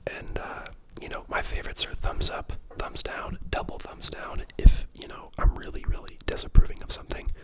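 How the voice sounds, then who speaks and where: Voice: normal speed, few pauses. A person in their twenties whispering a casual ASMR ramble at home, chatty and full of fillers. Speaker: ASMR creator and dental student.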